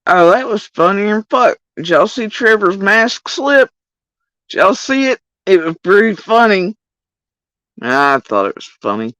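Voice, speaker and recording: A woman's voice: medium pitch, measured pace, no echo, rough recording. A woman livestreamer talking casually to her chat in a profane, heated rant, addressing viewers directly. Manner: profane, animated ranting.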